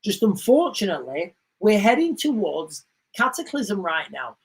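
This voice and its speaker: A woman's voice: mid-range voice, big pitch swings, moderate pace, low-quality recording. A woman hosting a live-streamed news commentary, talking straight to her viewers in a rambling, emphatic way with many restarts. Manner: addresses viewers directly. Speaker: livestream host.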